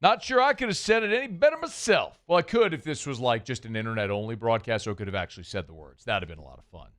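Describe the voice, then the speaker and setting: A man's voice: medium pitch, very animated, fast, a bit bright. A man hosting a sports talk radio show from a studio, speaking in a conversational, wry way that gets worked up.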